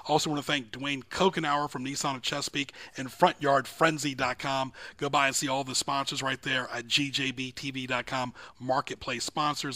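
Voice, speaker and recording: Casting: male radio host, bright, slightly high voice, dry studio sound, emphatic and rambling. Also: dry recording. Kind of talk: casual radio talk.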